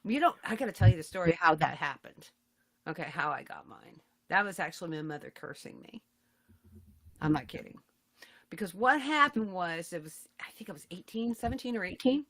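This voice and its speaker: Animated storytelling woman in her fifties. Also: a little fast. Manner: animated, laughing storyteller with loud high outbursts. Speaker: podcast co-host. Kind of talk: casual storytelling chat.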